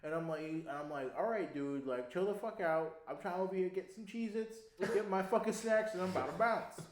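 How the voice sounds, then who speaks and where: A young man casually telling a long story on a podcast, animated, laughing often and swearing freely. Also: high-pitched, brisk. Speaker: podcast co-host. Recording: echoey room.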